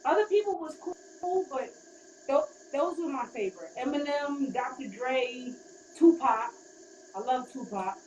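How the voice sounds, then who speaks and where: A woman rapper from Queens, New York, chatting casually in an interview with a relaxed, rambling manner and many fillers. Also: sits high, measured pace. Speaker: rapper guest. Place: hotel room while getting ready. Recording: roomy, distant, faint background noise.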